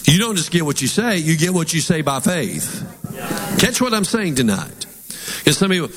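A man preaching with emphatic delivery, and his voice sits a little high for a man. He leads the congregation in call-and-response lines, and a long reverb trails his words through the sanctuary. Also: big pitch swings, moderate pace, fairly bright tone, breathy edge. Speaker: pastor. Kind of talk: sermon.

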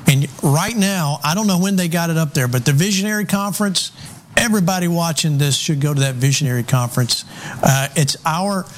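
A man's voice: on the high side, slight background noise. A man hosting a TV interview, enthusiastic and effusive in casual talk. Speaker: TV host.

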